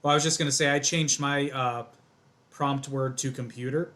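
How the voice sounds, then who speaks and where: A man co-hosting a podcast, talking in a relaxed, chatty way. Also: mid-range voice, normal speed. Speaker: podcast co-host. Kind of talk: casual podcast chat.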